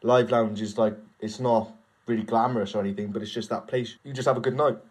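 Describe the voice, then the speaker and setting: A man's voice: lowish voice, steady tone, fast. Easygoing man, podcast guest. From Wales. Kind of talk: casual pub chat.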